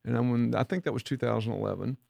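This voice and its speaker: Gravelly man telling stories. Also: medium pitch, fairly even intonation, fast, mellow, no echo. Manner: folksy storyteller acting out quoted dialogue. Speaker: podcast co-host and leadership mentor. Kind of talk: casual storytelling chat.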